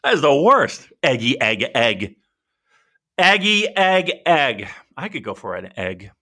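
Animated, profane man co-hosting a podcast. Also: mid-range voice, moderate pace, breathy edge. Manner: profane, rambling, animated storytelling. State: dealing with a sore shoulder. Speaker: podcast co-host. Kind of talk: casual wrestling podcast chat.

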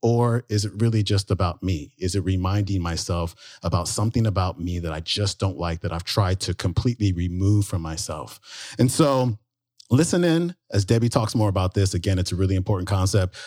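A male podcast host introduces a recorded talk in an earnest, reflective way. His voice is deep and the recording is dry and close. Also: brisk, a little mellow, no room sound.

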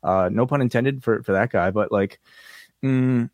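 A man's voice: mid-range voice, a little slow, darkish tone, no echo. A man co-hosting a live wrestling recap podcast in casual chat, stammering and hesitant.

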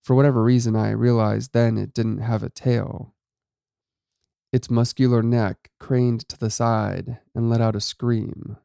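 A man narrating a first-person horror story in a steady, low-key way. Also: gravelly, no room sound, studio quality.

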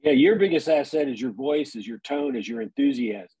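Guy giving encouraging advice, mellow, kinda husky. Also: mid-range voice, expressive, fairly quick, no echo, low-quality recording.

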